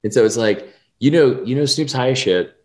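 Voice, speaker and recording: A man's voice: medium pitch, brisk, a little mellow. A young man co-hosting a casual sports betting podcast, talking in a rambling, profane way full of restarts and fillers. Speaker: podcast co-host.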